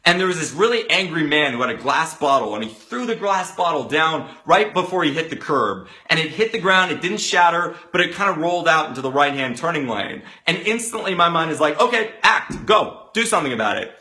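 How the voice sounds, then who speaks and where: A man giving an energetic motivational talk, acting out the people in his story with sudden loud outbursts. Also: a little high, brisk, few pauses. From Los Angeles area resident. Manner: animated, acts out quotes with loud outbursts. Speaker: motivational speaker.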